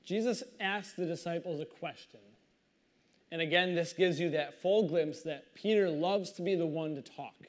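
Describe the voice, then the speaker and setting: Male pastor, slightly high voice, animated reading and sermon commentary. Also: normal speed. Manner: animated storytelling, reads scripture then comments conversationally.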